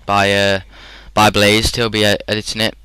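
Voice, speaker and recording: A teenage man with a British English accent rambles through a casual gaming commentary. His slightly low voice sounds bright and clean. The recording is dry and close, with no room echo. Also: completely flat delivery, moderate pace, clean tone. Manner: rambling, chatty, frequent fillers and laughs. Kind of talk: casual storytelling over gameplay.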